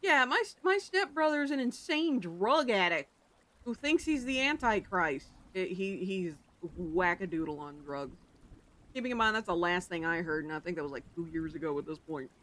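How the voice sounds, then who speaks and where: Rambling livestreamer with loud outbursts. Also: mid-range voice, expressive, moderate pace. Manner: rambling, with sudden loud exclamations. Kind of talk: casual chat with stream chat.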